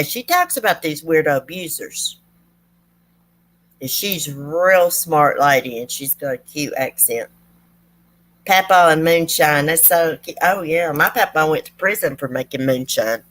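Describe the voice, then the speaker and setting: Low-voiced chatty woman. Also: fairly bright tone. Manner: chatty and folksy, rambling with many asides. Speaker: true crime channel host. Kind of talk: casual storytelling to viewers.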